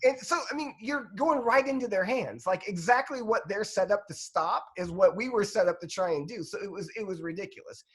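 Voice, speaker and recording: A man's voice: sits high, a little fast, few pauses. A man co-hosting a podcast, chatting casually about football in a rambling, self-deprecating way. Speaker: podcast co-host.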